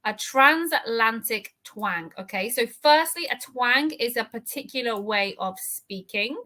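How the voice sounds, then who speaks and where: A woman English teacher explaining vocabulary and grammar from an article, patient and clear, often checking in with "okay?". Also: fairly high pitch, lively intonation, a little slow, sharp tone. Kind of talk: reading lesson explanation.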